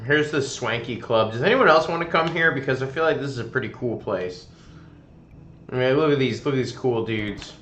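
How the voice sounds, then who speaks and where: Bright, chatty man in an echoey room. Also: medium pitch, fairly quick. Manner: chatty, laughs often. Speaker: let's-play streamer. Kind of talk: casual gameplay commentary.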